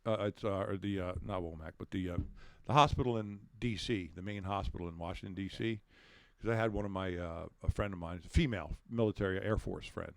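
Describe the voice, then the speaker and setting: Speaking in a deep, creaky voice at a fairly quick clip, a middle-aged man spins a casual podcast story. He curses without restraint and acts out what the people in it yelled and said, all on a dry recording.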